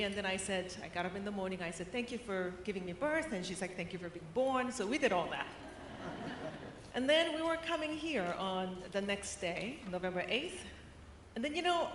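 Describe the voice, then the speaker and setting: A woman giving a conference keynote, chatty and animated, acting out the people in her stories. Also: mid-range voice, a little hiss or hum. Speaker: keynote speaker. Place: large conference hall. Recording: roomy hall reverb.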